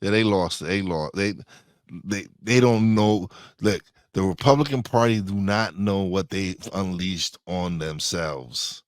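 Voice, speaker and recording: A man's voice: low-pitched, measured pace, no echo, studio quality. A man co-hosting a podcast in casual chat, talking bluntly and emphatically in slang and often repeating himself. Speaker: podcast co-host.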